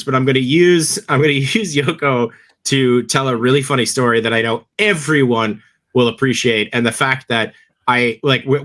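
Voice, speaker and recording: A young adult man co-hosting a podcast, telling stories in a rambling, animated way and laughing often. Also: medium pitch. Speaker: podcast co-host. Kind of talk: casual chat.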